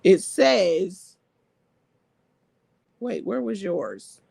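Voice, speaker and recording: Gravelly-voiced woman live stream host. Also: medium pitch, big pitch swings, very slow, darkish tone, no echo. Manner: chatty, laughs often, reads comments aloud. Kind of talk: casual live stream chat reading viewer comments.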